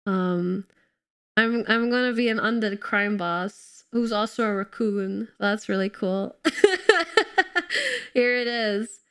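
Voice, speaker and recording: A woman streaming a game, chatting casually and excitedly with her viewers while slightly ill and coughing. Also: mid-range voice, takes it slowly, pauses often, clean tone. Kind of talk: casual live-stream chat while playing.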